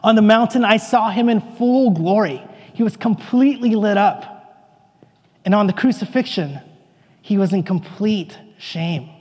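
A man playing a bewildered, excitable apostle, telling his story in earnest, rambling first-person monologue. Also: high-pitched, measured pace, in a large hall. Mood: reflective. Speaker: actor in a church dramatic monologue.

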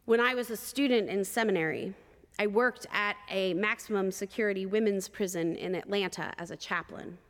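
A woman preacher telling a personal story in a sermon, measured and expressive with vivid detail. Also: medium pitch, in a large hall.

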